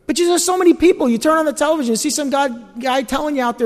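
A male pastor preaching a sermon in a lively, animated way, acting out the voices he quotes. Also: extremely high pitch, quick pace, hardly any pauses. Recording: long hall reverb.

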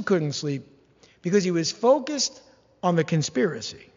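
A man preaching a sermon, animated and humorous, slipping into mock-whining voices as he acts out complaints. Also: high voice, moderate pace, creaky, long pauses, long reverb tail, lo-fi sound. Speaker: pastor.

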